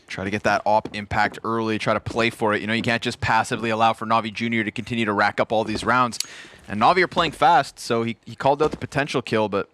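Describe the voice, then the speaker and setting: A man casting an esports match play-by-play, excitable and jumping to shouts on big plays. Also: lowish voice. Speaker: play-by-play caster. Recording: noisy game audio behind.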